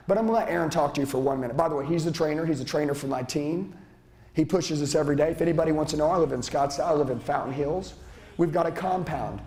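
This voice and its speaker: A man's voice: on the high side, fast, a little mellow. A middle-aged man giving a profane, intense motivational seminar speech as a sales trainer, lecturing a live audience on a handheld mic.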